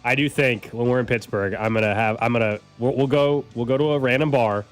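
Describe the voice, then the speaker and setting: A man's voice: mid-range voice, a little fast, faint music behind. A man hosting a sports radio show, chatting casually with dry teasing and reading segment teases. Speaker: radio host.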